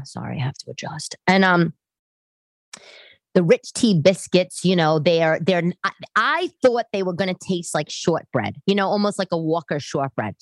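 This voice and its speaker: A low-pitched woman with a New York-area accent, chatting on her podcast and wandering off into tangents and little asides. The sound is dry and close, with no room echo. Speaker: podcast host and stand-up comic. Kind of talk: casual chat podcast. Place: living room.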